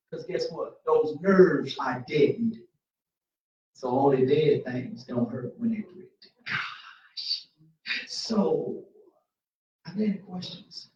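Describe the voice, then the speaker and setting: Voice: mid-range voice, animated, slow, long pauses, darkish tone. Passionate folksy preacher in an echoey church. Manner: speeds up and cuts in when passionate. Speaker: Bible study teacher. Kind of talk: preaching at a church Bible study. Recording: very echoey church room, mic far off, dull sound.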